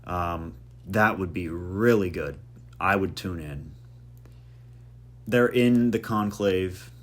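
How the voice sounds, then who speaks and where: A man's voice: sits low, slow. A man hosting a podcast in a casual monologue, rambling through jokey tangents and poking fun at himself. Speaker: podcast host.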